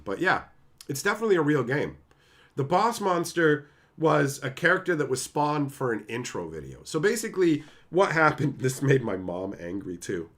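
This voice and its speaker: Lively, profane man streaming. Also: fairly high pitch. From Canada. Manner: profane, animated storytelling, laughs often. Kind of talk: casual live-stream chat.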